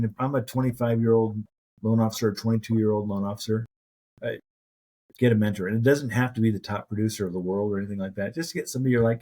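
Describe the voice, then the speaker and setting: A middle-aged man with a husky, mellow voice pitched a little low. He speaks as a podcast guest, telling career stories in an earnest, anecdotal way. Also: poor audio. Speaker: podcast guest, mortgage professional. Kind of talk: casual interview talk.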